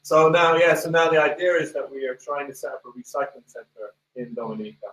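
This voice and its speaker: Man, nonprofit founder, quick casual talk, echoey room, far from the mic. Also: on the high side. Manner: quick, strongly accented, relaxed. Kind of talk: interview.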